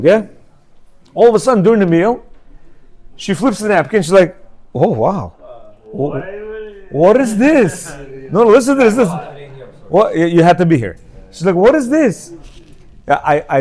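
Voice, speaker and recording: A man giving a lively class, telling stories and checking in with his listeners, now and then bursting into loud emphatic outcries. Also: a little high. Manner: lively, asks the room "yeah?" and "you know?". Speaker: teacher giving a class on marriage. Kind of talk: animated storytelling class talk.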